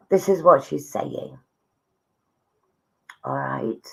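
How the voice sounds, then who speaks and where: A woman's voice: on the low side, lively intonation, a little slow, creaky, pauses often. A woman giving live psychic readings to viewers online, chatty and affectionate, relaying messages she says come from spirits.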